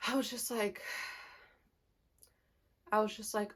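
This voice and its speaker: A woman's voice: medium pitch, slow, pauses often. Candid young woman telling a storytime. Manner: candid and animated, addresses viewers as y'all, laughs often. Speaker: vlogger. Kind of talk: storytime vlog.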